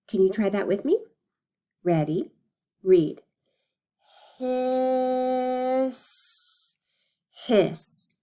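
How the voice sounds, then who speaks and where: A woman teacher leading a phonics lesson for young children, slowly modeling and stretching words and encouraging them. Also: lowish voice, dark tone.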